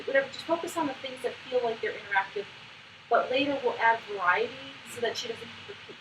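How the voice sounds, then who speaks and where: A woman trainer talks quickly and brightly, scattering "like" through her coaching. She sounds a little high. The recording is distant and roomy, with steady noise behind her. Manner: brisk, chatty, full of "like" fillers. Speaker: trainer of autism program volunteers. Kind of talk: hands-on instructional coaching. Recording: echoey room, distant mic, background noise.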